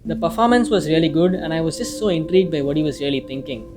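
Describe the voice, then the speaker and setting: A man's voice: on the high side, animated, fast. A man reading a casual, opinionated film review, now and then swearing mildly. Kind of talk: scripted review narration. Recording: music playing faintly behind.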